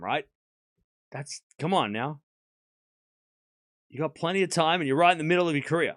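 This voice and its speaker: A man hosting a casual live tennis watchalong, rambling with repeated restarts and switching into brisk play-by-play calls. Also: fairly high pitch, no echo, clean studio sound. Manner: animated, rambling, repeats words while restarting sentences. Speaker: host and live tennis commentator. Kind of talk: casual livestream watchalong commentary.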